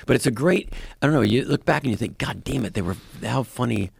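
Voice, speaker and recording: A male comedian guest in a casual podcast chat, telling stories excitably with lots of swearing and restarts. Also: mid-range voice, fast talker, vocal fry, slightly rough, no echo. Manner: excitable, profane storytelling with many restarts.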